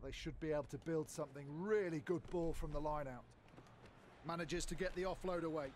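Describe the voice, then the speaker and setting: A man voicing the co-commentator in a rugby video game, explaining the play in a measured way. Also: on the high side, darkish tone, close to an everyday voice. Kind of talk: sports analysis commentary.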